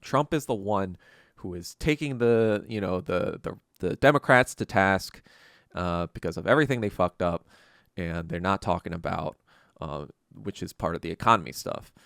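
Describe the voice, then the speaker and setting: A man's voice: low-pitched, creaky, fairly bright tone, no echo, clean studio sound. A man hosting a solo podcast, talking at length in a loose, rambling way with lots of fillers, restarts and casual swearing. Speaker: podcast host. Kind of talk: long solo commentary monologue.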